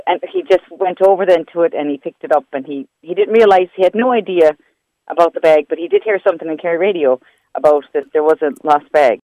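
A woman's voice: fairly low pitch, fast, dark tone, no echo, rough recording. Amused woman telling a story. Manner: amused, rambling. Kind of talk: casual storytelling.

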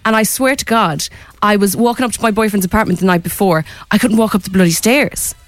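A woman's voice: mid-range voice, quick pace, no room sound, soft background music. Chatty Irish woman on radio. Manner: chatty, candid storyteller. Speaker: returning guest. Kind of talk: radio interview chat.

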